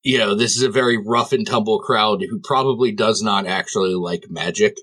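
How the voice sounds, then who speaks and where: A man's voice: on the low side, normal speed, a bit bright, husky. A man playing a tabletop game, describing scenes in a rambling way with lots of fillers. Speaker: player.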